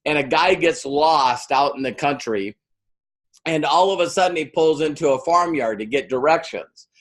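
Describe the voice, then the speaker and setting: A man's voice: on the high side, normal speed. A middle-aged man giving a motivational business training talk, telling stories and acting out the quoted voices. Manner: storytelling, acts out quoted voices.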